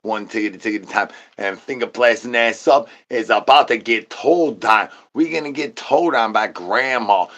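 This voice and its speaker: A man's voice: medium pitch, moderate pace, hardly any pauses, a bit bright, highs cut off. A man streamer doing an absurd comedic rant, rambling in nonsense with stuttered repeats and sing-song catchphrases.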